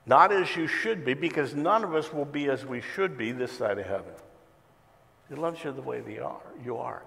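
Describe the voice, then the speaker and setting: A male pastor preaching a sermon in a large church, telling a story with dramatic swings between loud and quiet. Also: fairly high pitch, gravelly. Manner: storytelling with dramatic shifts in loudness. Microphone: church sound system, streamed. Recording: echoey large church hall.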